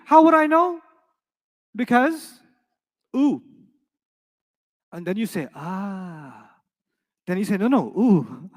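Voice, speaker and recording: A man's voice: high voice, a little slow, pauses often. A young man teaching an Arabic grammar lesson, asking his students questions often. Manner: lively, asks the class questions often.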